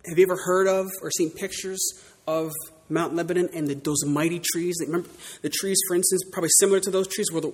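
A man preaching a sermon in church, dramatic, swinging from loud declarations to hushed words. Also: a little high, slightly rough, in a large hall. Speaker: pastor.

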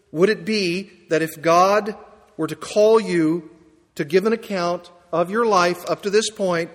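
Male pastor, high voice, emphatic sermon delivery, long echo from a church hall. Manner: emphatic, rising to excited peaks then dropping quiet. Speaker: preacher.

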